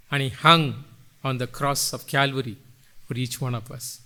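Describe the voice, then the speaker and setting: A middle-aged man preaching a sermon in church, with sweeping swells and drops in pitch and loudness. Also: unhurried. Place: church sanctuary.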